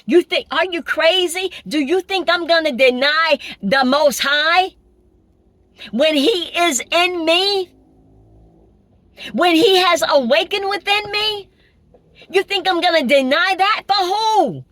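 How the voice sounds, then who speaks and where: A woman's voice: very high-pitched, slow pace, fairly bright tone, no room sound. A woman giving an informal spiritual sermon, emphatic, repeating phrases and asking rhetorical questions. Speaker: spiritual preacher.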